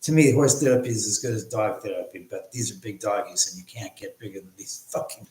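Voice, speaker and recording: A man's voice: lowish voice, expressive, fast, hardly any pauses, darkish tone. Rambling, foul-mouthed man in an echoey room. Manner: rambling, profane, chatty with viewers. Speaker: livestream host. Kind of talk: casual livestream chat. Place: his home.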